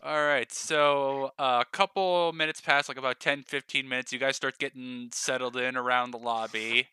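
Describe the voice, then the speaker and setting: Bright-voiced rambling game master man. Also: medium pitch, fairly even intonation, moderate pace, clean tone, no echo. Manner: loose, rambling, many fillers. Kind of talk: narrating a tabletop game.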